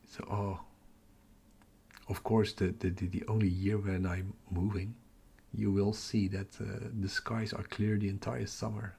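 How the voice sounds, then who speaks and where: This slow, gravelly man from the Netherlands has a Dutch accent and a low, dark, level voice. He's an astrophotography livestream host, casually reading comments aloud, chatting, and muttering to himself while tracking captures.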